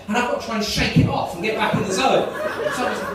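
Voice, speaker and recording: A man's voice: sits high, fast. A man, doing live stand-up in a chatty, self-mocking way and talking with the crowd. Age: 30s. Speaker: stand-up comedian. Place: comedy club. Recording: echoey club room, mic far off, noisy.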